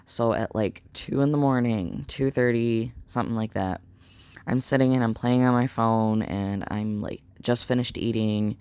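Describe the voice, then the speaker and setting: A young man chats to the camera in a casual vlog, his voice edged with creaky, gravelly fry. He rambles excitably, filling gaps with "like" and "um". The recording is dry and close, with almost no room sound. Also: mid-range voice, moderate pace, no echo. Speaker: vlogger.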